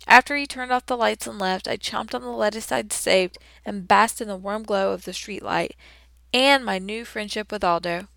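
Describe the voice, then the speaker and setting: A woman reading a children's book aloud in an expressive, measured storytelling way. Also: medium pitch, creaky, dry recording. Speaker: storybook reader.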